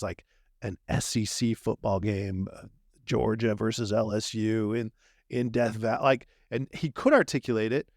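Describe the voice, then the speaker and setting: A man on a podcast as a guest, explaining his ideas in an animated way and acting out little quoted exchanges. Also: medium pitch, no room sound, clean studio sound. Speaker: dream manager guest. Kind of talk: podcast conversation.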